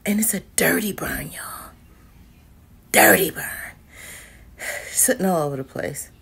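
Husky, slow-talking woman candle reviewer. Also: on the low side, in a whisper. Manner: slangy, cusses, dramatic; drifts between muttering and loud outbursts. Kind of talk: casual candle review vlog.

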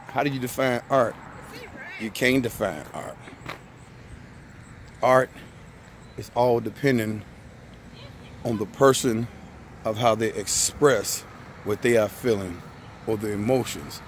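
A man speaks in a casual motivational vlog, his voice sitting in an ordinary middle pitch. He is upbeat and a little preachy, and he repeats his key lines for emphasis. Car traffic is clearly heard behind him outdoors. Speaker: vlogger.

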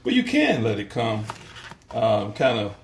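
A man's voice: fairly low pitch, huge pitch swings, unhurried, background noise. A man with a Southern US accent hosting a live cooking show, chatting in a playful, folksy way. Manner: folksy, playful, drawling talk with y'all. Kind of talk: casual live cooking stream. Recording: echoey room, mic at a distance.

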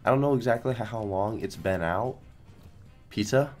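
Deep-voiced sick man streaming slots. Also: moderate pace, darkish tone, faint music behind. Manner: rambling, self-deprecating, lots of restarts. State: sick, coughing. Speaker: slot streamer. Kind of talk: casual gambling stream commentary.

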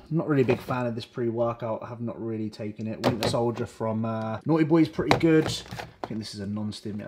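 A man's voice: mid-range voice, background noise. A young man talking casually to camera as a fitness vlogger, blunt, self-mocking and swearing constantly. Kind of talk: casual vlog talk to camera. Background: music.

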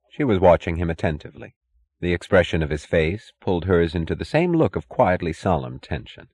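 A man reads a novel aloud in a measured, even audiobook narration. His voice is very low and deep. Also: husky.

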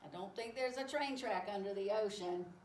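A woman reading a picture book aloud to children, exclaiming often in an animated way. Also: mid-range voice, a little hiss or hum. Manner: animated, exclaiming, slow and warm-paced. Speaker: storyteller. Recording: echoey room, far from mic.

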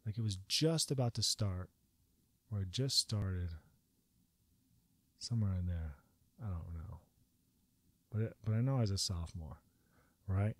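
A man telling a personal story in a casual vlog, animated and profane, rambling with lots of filler words. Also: deep voice, measured pace, pauses often, no echo.

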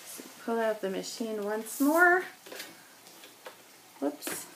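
A woman's voice: a little high, animated, takes it slowly, a bit bright, slight background noise, poor audio. A woman chatting casually as she works on a scrapbook layout, joking about herself and laughing often. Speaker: scrapbooking vlogger. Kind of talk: casual talk while crafting.

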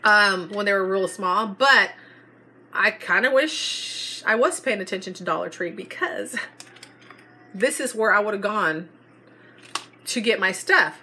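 A woman's voice: medium pitch, expressive, a little slow, pauses often, pushed and bright, husky. A middle-aged woman, chatting and gushing as she shows a store haul in a casual vlog. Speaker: haul vlogger.

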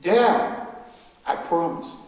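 A man doing a resolute young preacher, urgent and hopeful, pitched high and carried loud. The voice comes from far away in a large echoing hall. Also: expressive, very slow. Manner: urgent, pleading. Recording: echoey hall, mic far off.

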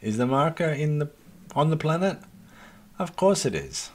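Hosting a let's play, a man with a fairly high pitch and lively intonation talks at normal speed in casual gameplay commentary. He addresses viewers as folks, curses freely, and mutters at the game along the way.

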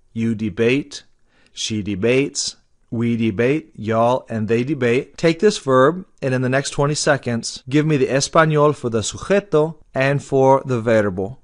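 Male language teacher, mid-pitched voice, measured drawn-out delivery, switches between English and Spanish. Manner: spells out word endings letter by letter, mixes English and Spanish. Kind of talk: slow deliberate classroom lesson.

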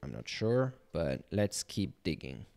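A man narrates a hacking walkthrough over his screen, explaining each step to his viewers. His voice sits low and he takes his time, pausing and thinking aloud with casual fillers. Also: very animated, gravelly, a little mellow, soft background music. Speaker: channel host teaching penetration testing. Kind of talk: screen-recorded tutorial walkthrough.

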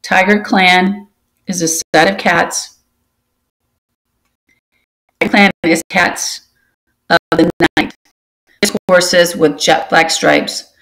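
A woman's voice: fairly low pitch, steady tone, slow pace, long pauses, a bit bright. A woman voicing a friendly young male cat who chats and explains things casually in a storybook reading. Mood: easy chatty.

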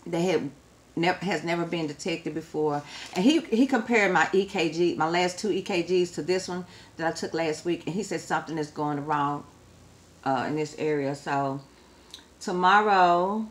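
Chatty woman vlogging. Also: on the low side. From Texas. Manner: chatty, addresses viewers as y'all; swings from quiet to loud and animated. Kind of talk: casual chat to camera.

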